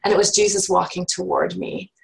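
A woman's voice: mid-range voice, huge pitch swings, a little fast, creaky, low-quality recording. A woman guest telling a personal faith story in an earnest, reflective way, often restarting her sentences.

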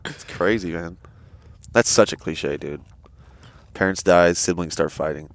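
A young man co-hosting a podcast in a dry, close-miked room. His voice sits a little low, but he bursts upward to act out what others said. He rambles through stories and swears freely. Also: a little slow, dry recording. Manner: animated storyteller, swearing, acts out quotes. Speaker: podcast co-host. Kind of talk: casual chat. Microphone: headset.

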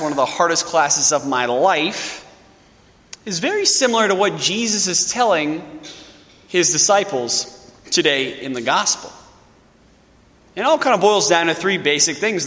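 Young male priest, fairly high voice, casual storytelling homily; echoey church hall. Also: bright, forceful tone. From Louisiana, USA. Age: young adult. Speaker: parish priest. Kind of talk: sermon.

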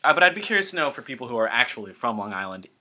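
A man's voice: medium pitch, rapid-fire. A man from the Boston area, co-hosting a podcast, chatting jokily about films with stammering restarts. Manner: animated, jokey, stammering restarts. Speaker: podcast co-host. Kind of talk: casual film chat.

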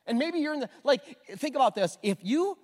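A man in his thirties preaching a sermon as a pastor, earnest and emotional, swinging from loud to hushed. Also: extremely high pitch, animated, brisk, long reverb tail. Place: church sanctuary.

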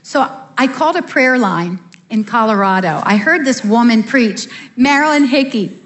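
A woman's voice: on the high side, lively intonation, moderate pace. A middle-aged woman giving an earnest personal testimony to a church audience, acting out her prayers and the dialogue as she tells the story. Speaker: guest speaker giving testimony.

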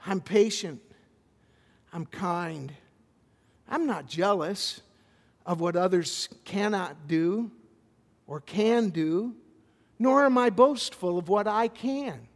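A man preaching a sermon as a visiting pastor, animated, with stammered restarts as he tells a story. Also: high voice, takes it slowly, pauses often, long reverb tail.

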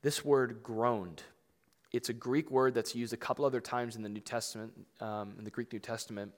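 Conversational preacher in a reverberant hall. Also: male voice, medium pitch, fairly even intonation, moderate pace. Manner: conversational preaching, filler-heavy and emphatic. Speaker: pastor. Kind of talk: sermon.

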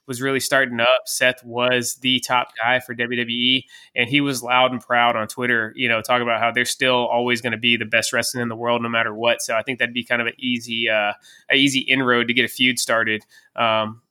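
A man's voice: mid-range voice, flat delivery, brisk, pushed and bright, clean tone. A man co-hosting a wrestling podcast, chatting casually and steering the conversation. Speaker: podcast co-host. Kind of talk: casual chat.

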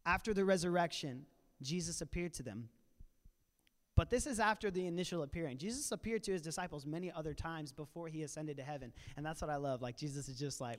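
A man retelling a scripture story in a casual, animated sermon style at a church panel. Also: on the high side, quick pace. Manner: animated, casual retelling with playful voiced asides. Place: church auditorium. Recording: long reverb of a large hall.

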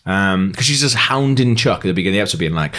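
A man's voice: sits low, animated, racing, a bit bright. A man co-hosting a podcast, chatting casually, swearing freely and acting out anecdotes. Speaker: podcast co-host. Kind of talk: casual chat.

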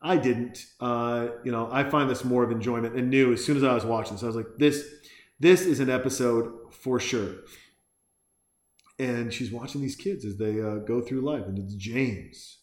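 Brief: mid-pitched man, crude and sarcastic, rambling movie commentary, roomy sound. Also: moderate pace. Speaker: movie reaction host. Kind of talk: casual ranting movie commentary.

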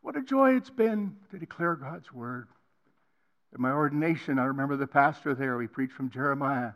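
An older man preaching a personal testimony on a college campus, swinging between hushed passages and loud emphatic ones. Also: mid-range voice, expressive, normal speed. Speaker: guest preacher.

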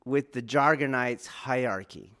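A man's voice: medium pitch, a little slow, fairly bright tone. A man teaching martial arts in a spoken talk, earnest and questioning, repeating key phrases for emphasis. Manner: asks the listener rhetorical questions.

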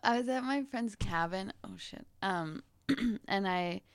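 A woman's voice: medium pitch, slow, no echo. A woman hosting a podcast in casual chat, giggling often and making self-deprecating asides. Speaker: podcast host.

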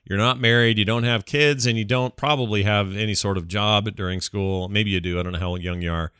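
A man co-hosting a podcast, talking in a relaxed, rambling way with many fillers. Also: fairly low pitch, fairly quick, clear, resonant tone, no room sound, clean studio sound. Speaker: podcast co-host. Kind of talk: casual chat.

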